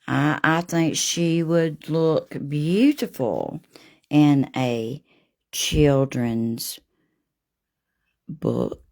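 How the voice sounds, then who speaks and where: A woman hosting a live painting demo, chatting warmly with viewers by name as she works. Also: sits low, extremely slow, creaky, pauses often. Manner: homey and gushing, talks to viewers by name.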